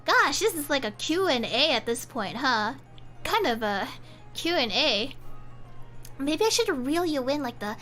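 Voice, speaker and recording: Young woman streamer with a high, lively, bright voice who chats and rambles animatedly. Faint music plays behind her. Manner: animated, rambling, quick to laugh. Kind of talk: casual chat.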